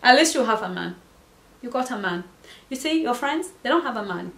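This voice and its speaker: A man's voice: very high voice, expressive, brisk, bright, forceful tone, voice pushed up, full character voice. A woman voicing a dismissive young Nigerian boyfriend, with a put-on, exaggerated Nigerian accent and a scolding sing-song delivery. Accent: Nigerian, imitated. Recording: roomy echo.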